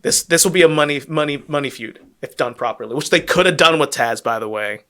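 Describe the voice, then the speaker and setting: Bright-voiced, excitable profane podcaster man. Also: on the high side, fairly quick. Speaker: podcast co-host. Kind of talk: casual podcast chat.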